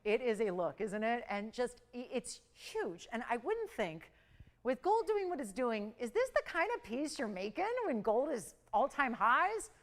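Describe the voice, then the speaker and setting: Woman, shopping-TV host, chatty, playful, calls auction countdowns with big upward jumps; studio lapel mic. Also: unhurried. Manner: chatty, animated, jokey, pitch swings up for countdowns. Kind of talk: live jewelry auction selling.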